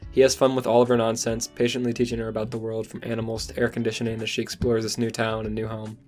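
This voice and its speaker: A man's voice: lowish voice, completely flat delivery, fast talker, darkish tone, soft background music. A young man recapping and recommending a manga in a casual, enthusiastic vlog. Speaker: manga reviewer.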